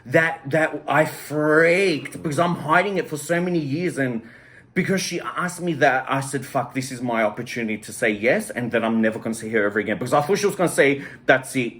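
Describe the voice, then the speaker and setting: A man telling personal stories as a guest in a casual conversation, animated and sprinkled with swearing. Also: medium pitch, brisk. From Australia.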